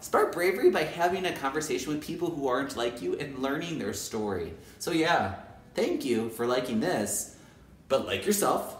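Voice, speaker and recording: A male kindergarten teacher talking straight to camera in a casual, animated way, repeating his points for emphasis. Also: mid-range voice, moderate pace. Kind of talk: casual direct-to-camera talk. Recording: roomy echo.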